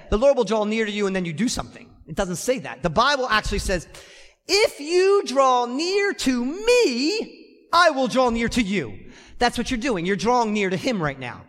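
Delivering a sermon in a church, this man has a high, fairly bright voice echoed by the hall's long reverb. He speaks emphatically as pastor, returning again and again to key phrases.

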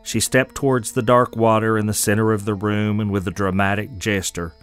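A man narrating a fantasy audio story in a measured, descriptive way. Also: on the low side, flat delivery, clear, resonant tone, soft background music. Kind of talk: scripted narration.

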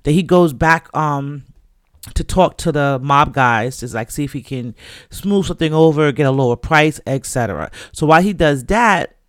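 A man's voice: fairly high pitch, animated, normal speed, no echo, clean studio sound. A man giving a casual, profane recap of a TV show and acting out the characters' lines as he goes. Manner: loose, profane storytelling that acts out characters' lines.

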